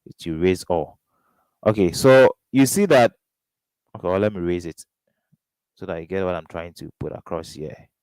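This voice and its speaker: Brief: Ghanaian male tutor, lowish smooth voice, dry close sound, drills students with prompting questions. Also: moderate pace, long pauses, darkish tone, no room sound, low-quality recording. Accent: Ghanaian English. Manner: question-and-answer drilling, keeps asking "what?". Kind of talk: exam revision lesson.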